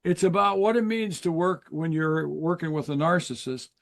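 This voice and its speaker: An older man, a guest author in an interview, explaining in an earnest, measured way with pauses. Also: on the high side, gravelly. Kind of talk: interview conversation.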